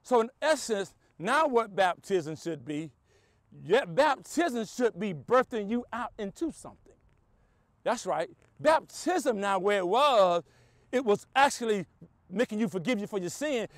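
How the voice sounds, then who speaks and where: A man's voice: high voice, lively intonation, unhurried, no room sound. A male pastor preaching a sermon with rhythmic repetition and call-outs to his listeners. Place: church streamed online.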